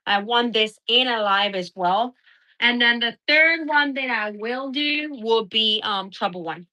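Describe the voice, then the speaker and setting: A woman's voice: a little high, animated, measured pace, bright, forceful tone. A woman hosting a casual live stream, chatting and rambling through stories as she shows her gear.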